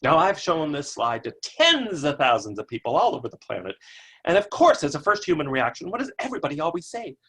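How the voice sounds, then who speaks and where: A man giving a motivational keynote webcast, energetic and storytelling with playful asides. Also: fairly high pitch, brisk, husky. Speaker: keynote speaker.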